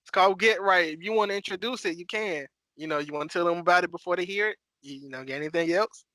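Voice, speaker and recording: A man's voice: high voice, fast, bright, forceful tone, no room sound. A man hosting a podcast, asking questions in easygoing casual chat. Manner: easygoing, short prompts. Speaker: podcast host.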